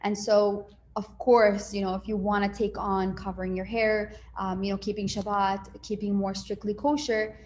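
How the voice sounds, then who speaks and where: A woman's voice: medium pitch, flat delivery, moderate pace, hardly any pauses, a little mellow, a little hiss or hum. A woman coaching on relationships in a casual advice talk, chatting freely and acting out little dialogues as she goes. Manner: conversational, acts out little dialogues, many fillers.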